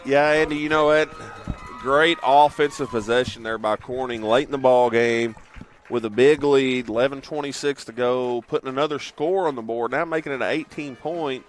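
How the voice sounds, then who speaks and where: A man adds color commentary to a high school football broadcast. His voice sits at an ordinary middle pitch, and he breaks down plays in a plain-spoken, easygoing way full of "you know". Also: normal speed.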